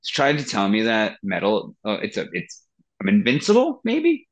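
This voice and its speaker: A man's voice: lowish voice, moderate pace. A man who sings in a band, chatting casually in an interview and telling stories with plenty of swearing. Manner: animated storytelling, swears freely. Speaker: band vocalist.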